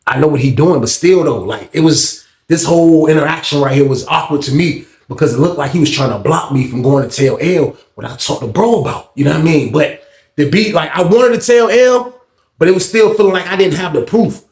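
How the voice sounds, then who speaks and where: A man telling a story in a casual, animated way, swearing and acting out every voice. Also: a little high, fairly quick, echoey room. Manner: animated, profane, acts out every voice.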